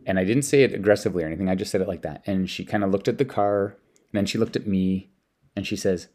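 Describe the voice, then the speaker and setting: A man's voice: low-pitched, brisk, darkish tone. A man from Canada telling personal stories about lessons with his young son, rambling with many restarts. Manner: rambling, with frequent repeated words and restarts. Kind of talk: casual storytelling.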